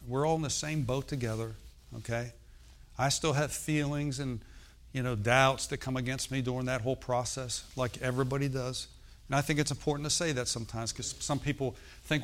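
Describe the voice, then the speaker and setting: A man's voice: mid-range voice, moderate pace, a bit bright. A middle-aged man preaching a sermon in a conversational way, often checking in with "okay?" and "amen". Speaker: pastor.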